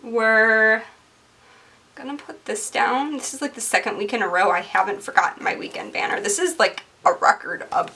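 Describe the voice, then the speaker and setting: A woman's voice: fairly high pitch, normal speed, gravelly, sharp tone, slightly rough, far from the mic. A woman in her twenties chatting casually and rambling as she decorates a planner, full of fillers and asides. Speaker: planner vlogger. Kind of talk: casual chatty narration over crafting.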